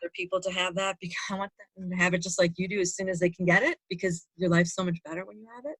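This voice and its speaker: A woman's voice: on the low side, fairly even intonation, rapid-fire, a bit bright, dry recording. A woman hosting a podcast interview, talking earnestly and emotionally with many restarts. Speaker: podcast host. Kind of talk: casual interview.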